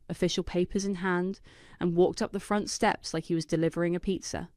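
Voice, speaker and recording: A woman reading a first-person drama story in a dry, knowing, quietly vindictive manner. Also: on the low side, clean tone, no room sound. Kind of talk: scripted first-person narration.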